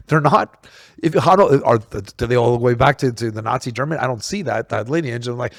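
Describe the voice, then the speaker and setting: Brief: blunt, rapid-fire male co-host, dry close sound, restarts a lot. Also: medium pitch, no echo. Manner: blunt, swears, many restarts and repeated words. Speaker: podcast co-host. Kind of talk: casual opinionated chat.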